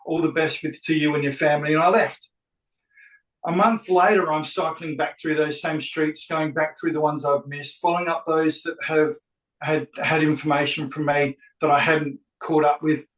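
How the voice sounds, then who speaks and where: Male agent, slightly high voice, animated anecdote, acts out dialogue; roomy, off-mic sound. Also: normal speed, recorded from a distance. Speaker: real estate agent telling a story. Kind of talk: anecdotal storytelling.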